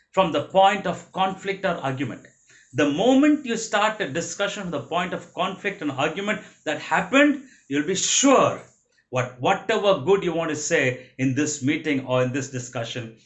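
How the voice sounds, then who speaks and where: A man's voice: high voice, fairly bright tone. A man with an Indian English accent giving a motivational training lecture, emphatic and repeating his key phrases.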